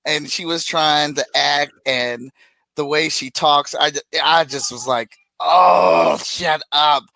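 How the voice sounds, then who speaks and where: Blunt, animated man co-host. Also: fairly high pitch, measured pace, dry recording, rough recording. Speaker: podcast co-host. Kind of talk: casual chat.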